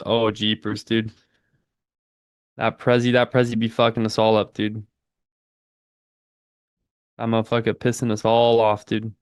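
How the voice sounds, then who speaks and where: A man's voice: mid-range voice, clear, resonant tone, no room sound, studio quality. A young man in his twenties hosting a live trading stream, chatting casually in slang, saying "dude" a lot and answering chat while calling the market. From United States. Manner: laid-back slangy, says "dude" a lot, reads chat aloud. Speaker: livestream trading host.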